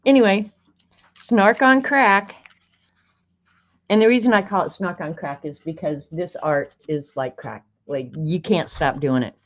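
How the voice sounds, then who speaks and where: Low-pitched woman, art livestream host, chatty and wry, greets viewers, slightly dull lo-fi audio. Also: takes it slowly, long pauses. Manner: chatty, greets viewers by name, reads snarky sayings aloud. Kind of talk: casual livestream chat.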